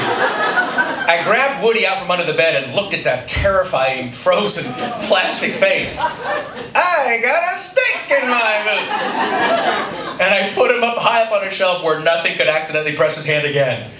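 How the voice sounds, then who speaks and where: A middle-aged man telling a personal story live on stage to an audience, with dry, self-deprecating humor. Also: on the high side. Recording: roomy, distant stage recording with audience noise.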